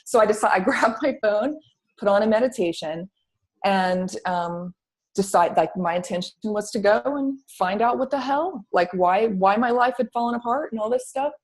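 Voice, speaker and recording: A woman's voice: medium pitch, expressive, normal speed. A woman telling her personal story to an interviewer in a casual, candid way, acting out her past thoughts, with some swearing and many repeated words.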